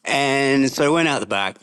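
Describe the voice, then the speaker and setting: A man's voice: mid-range voice, a bit bright, clear, resonant tone. A middle-aged Australian man, a podcast guest, telling a rambling travel story in a casual way and laughing often as he goes.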